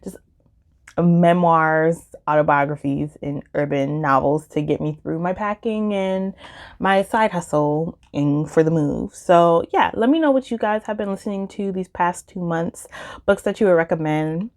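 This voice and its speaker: Woman vlogging book thoughts, fairly low voice, lots of likes and ums. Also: a little slow. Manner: chatty and animated, many fillers like "like" and "um". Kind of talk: casual book review chat.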